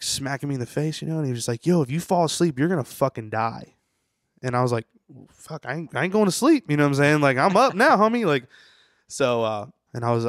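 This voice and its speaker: A man's voice: medium pitch, clear, resonant tone, no echo, studio quality. Profane young man telling a story. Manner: rambling, profane, lots of "you know". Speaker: tattooer guest. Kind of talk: casual storytelling interview.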